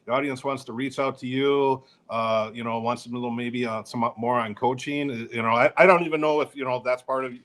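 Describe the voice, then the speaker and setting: A man's voice: mid-range voice, fairly even intonation, a little fast, few pauses, a bit bright. A man co-hosting a podcast, talking in a plainspoken, earnest way while interviewing a guest. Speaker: podcast co-host.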